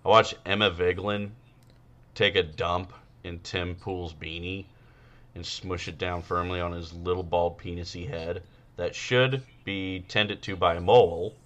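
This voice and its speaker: A man's voice: low-pitched, steady tone, a little slow, a bit bright. A man co-hosting a podcast, chatting crudely and rambling with many fillers. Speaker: podcast co-host. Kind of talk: casual comedic chat.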